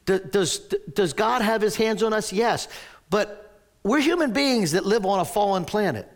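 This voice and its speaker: A man's voice: high-pitched, expressive, moderate pace. A man in his sixties preaching a sermon as a pastor, telling a story animatedly and often stumbling over restarts.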